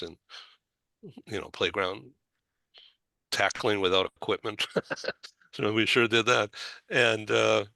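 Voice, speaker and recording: An older man hosting a talk show, telling a personal story in a halting way, with stumbles, fillers and small laughs. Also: lowish voice, creaky, sharp tone, dry recording. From Boston area.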